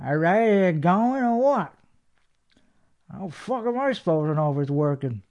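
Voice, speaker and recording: A man's voice: high-pitched, sing-song, moderate pace, darkish tone, no echo. A man playing a hot-headed, boastful comedian who hosts a podcast, ranting with heavy profanity and rambling, belligerent talk. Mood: angry ranting. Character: hot-headed, foul-mouthed, boastful male comedian host. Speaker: podcast host. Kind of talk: comedic character monologue.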